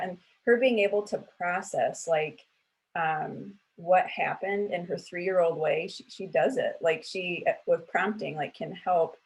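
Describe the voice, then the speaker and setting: A woman's voice: fairly low pitch, steady tone, unhurried, vocal fry, low-quality recording. A woman in her thirties at a church women's panel, talking casually and candidly, with lots of filler words and self-corrections.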